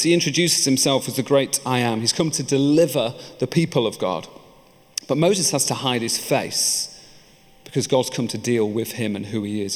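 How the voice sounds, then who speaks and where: A man preaching a sermon in a church, earnest and personal, telling his own story between points. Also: mid-range voice. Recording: echoey church hall.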